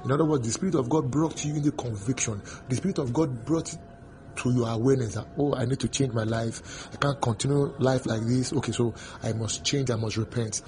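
A man preaching a sermon, repeating his phrases and breaking into sudden loud outbursts. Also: mid-range voice, a little fast, noisy background.

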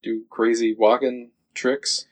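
A man's voice: mid-range voice, level tone. A man co-hosting a casual podcast, joking and laughing as he talks over a film. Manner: joking, laughs often, quick asides. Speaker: podcast co-host. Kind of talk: casual movie-discussion chat.

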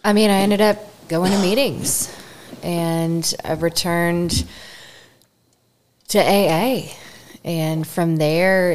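A woman with a low voice answers a podcast host's questions. She speaks slowly and earnestly, taking her time over each phrase. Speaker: podcast guest. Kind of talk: casual interview answers.

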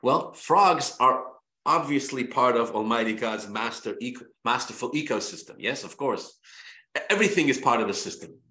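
A man, a rabbi, teaching a Torah class in an animated way, repeating himself and restarting phrases. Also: medium pitch, moderate pace, echoey room. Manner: animated, repetitive, many restarts.

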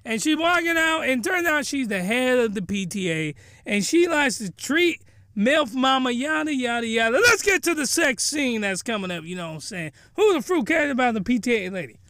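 A man hosting a podcast, giving a comedic recap of a cartoon episode in animated slang and breaking into excited shouts. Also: very high-pitched, normal speed, no room sound. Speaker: podcast host.

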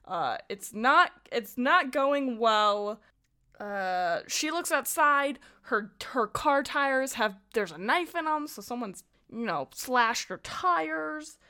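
A woman's voice: high voice, expressive, slow, sharp tone, smooth. A young woman co-hosting a podcast, casually retelling a movie plot with lots of "like" and laughter. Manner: chatty retelling, many "like"s, laughs while talking. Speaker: podcast co-host. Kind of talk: casual movie recap chat.

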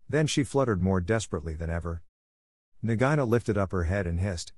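A man reads a classic story aloud in a steady, clear manner for English learners. His voice is fairly low. The recording is dry and close, with no room sound. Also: brisk, no echo. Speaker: audiobook narrator.

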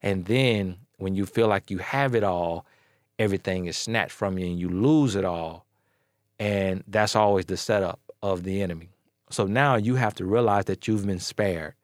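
A man talks bluntly about relationships in a casual, animated way, telling stories and repeating key phrases for emphasis. His voice sits low. The sound is dry and close. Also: no room sound. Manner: blunt, animated storytelling with voice imitations. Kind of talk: casual advice talk.

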